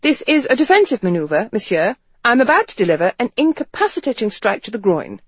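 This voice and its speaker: Earnest young woman doctor, matter-of-fact, lifted higher than the narration, as the narrator plays her. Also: very animated, a little fast, darkish tone, husky, dry recording.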